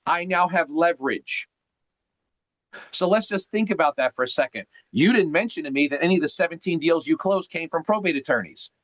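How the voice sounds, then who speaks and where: A man's voice: fairly high pitch, brisk, fairly bright tone, no echo, rough recording. A man coaching on a group video call, teacherly and emphatic, firing off rhetorical questions. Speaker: sales coach.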